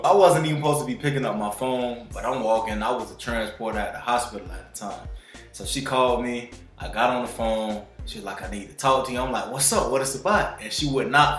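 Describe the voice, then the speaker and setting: Speaking in a medium pitch with a fairly bright tone, a twenty-something man vlogs a personal story for his viewers. He keeps it relaxed and full of slang, addressing them as "bro," while faint music plays in an echoey room.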